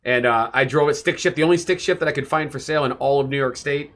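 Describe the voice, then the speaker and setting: A man's voice: medium pitch, fast talker, fairly bright tone. A middle-aged man co-hosting a podcast in casual, jokey, rambling chat. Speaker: podcast co-host.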